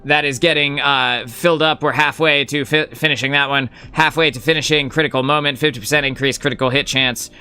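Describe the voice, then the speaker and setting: A man's voice: mid-range voice, steady tone, a little fast, hardly any pauses, pushed and bright, smooth, soft background music. A man streaming a game live, rambling casually as he thinks aloud and swears now and then. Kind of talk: casual gameplay commentary.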